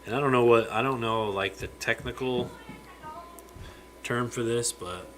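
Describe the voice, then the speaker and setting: A man's voice: medium pitch, fairly even intonation, unhurried, fairly bright tone, a little hiss or hum, rough recording. A man hosting a casual live stream from his fish room, chatting freely, greeting viewers by name and stumbling over words now and then. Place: home fish room with aquariums.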